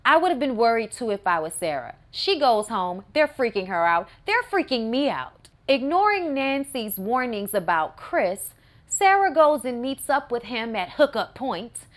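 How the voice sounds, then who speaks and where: Woman reviewer, sassy and wry, lively pitch that swings up and down, casual recap. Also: moderate pace. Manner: sassy, wry, animated asides. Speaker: movie reviewer.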